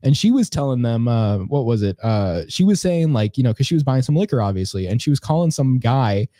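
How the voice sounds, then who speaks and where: A man's voice: medium pitch, very animated, fairly quick, dark tone, no room sound, clean studio sound. A young man co-hosting a comedy podcast, telling rambling stories with many fillers and restarts. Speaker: podcast co-host. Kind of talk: casual storytelling chat.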